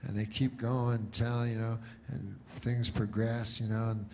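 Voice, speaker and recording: Deadpan rambling stand-up comedian, a man. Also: mid-range voice, measured pace, slight background noise.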